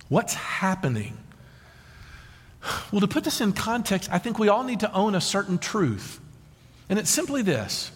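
A man's voice: high-pitched, a bit bright, slightly rough. Male pastor, sermon, swooping delivery, reverberant hall. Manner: dramatic preaching with rhetorical questions. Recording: long reverb of a large hall.

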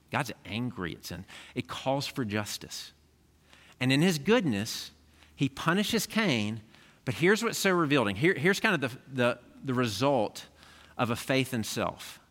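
A man's voice: mid-range voice, sing-song, moderate pace, a bit bright. A man preaching a sermon as pastor, talking to the congregation in a conversational way and often checking in with them. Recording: echoey hall with long reverb.

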